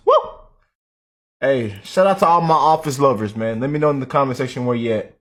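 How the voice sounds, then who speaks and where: A man hosting a casual reaction video, chatty and animated. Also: mid-range voice, a little fast, long pauses. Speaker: reaction host.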